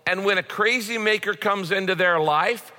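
A man's voice: sits high, normal speed, pushed and bright. A man preaching a sermon as a pastor, in a conversational way with frequent repeated words. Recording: long hall reverb.

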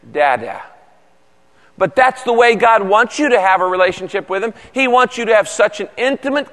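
A middle-aged male pastor giving an animated, folksy sermon with humor to a large congregation. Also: high-pitched. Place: large church hall. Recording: long reverb of a big hall.

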